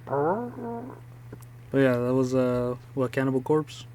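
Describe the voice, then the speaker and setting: A man's voice: medium pitch, big pitch swings, takes it slowly, mellow, a little hiss or hum. Teasing man who laughs easily. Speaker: podcast co-host. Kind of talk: casual chat.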